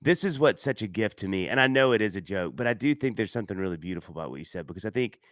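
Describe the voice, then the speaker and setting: Animated laughing male storyteller. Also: fairly low pitch, very fast, dry recording, studio quality. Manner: animated storyteller, acts out quotes in raised voices, laughs often. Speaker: podcast host. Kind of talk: casual conversation.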